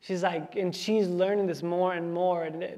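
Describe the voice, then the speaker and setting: A man in his thirties preaching a sermon in a relaxed, conversational way, with many fillers and playful quoted asides. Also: sits high, moderate pace. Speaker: pastor.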